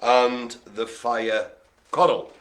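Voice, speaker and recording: A man's voice: medium pitch, steady tone, very slow, noisy background. A man hosting a live bingo game, playful and punning, laughing often. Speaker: bingo host. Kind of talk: jokey live bingo calling. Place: care home activity room.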